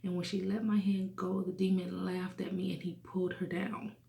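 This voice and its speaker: Woman in her thirties with a gravelly voice. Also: fairly low pitch, flat delivery, normal speed, roomy sound. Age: 30s. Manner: earnest, hushes to a whisper at sad moments. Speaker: testimony speaker. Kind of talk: personal testimony storytelling.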